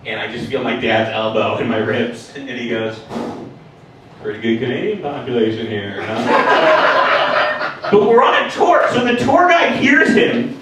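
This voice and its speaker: A man's voice: medium pitch, big pitch swings, normal speed, distant mic. A young man performing a stand-up comedy set in a bar basement, with punchy lines and muttered asides. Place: basement of a bar, live crowd. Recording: echoey room, heard from afar, audience noise.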